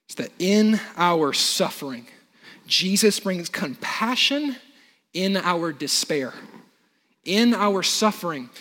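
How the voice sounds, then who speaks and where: Young pastor preaching, kinda high voice, hushed slow on big words then pushes louder, church reverb trailing. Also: male voice. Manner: earnest preaching, drops soft and slow on key words, rises with force. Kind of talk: sermon.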